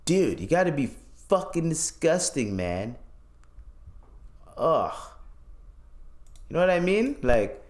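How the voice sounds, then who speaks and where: A man's voice: on the high side, sing-song, slow, long pauses, reverberant. A young man hosting a podcast, ranting casually and profanely with laughs. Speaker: podcast host. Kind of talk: casual solo podcast rant.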